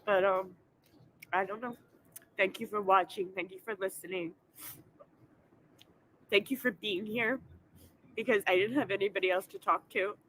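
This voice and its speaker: A woman's voice: mid-range voice, steady tone, moderate pace, long pauses, fairly bright tone, slight background noise, rough recording. A woman in her forties, upset and tearful, swearing as she talks into her phone in an emotional vlog after an arrest. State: crying. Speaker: vlogger.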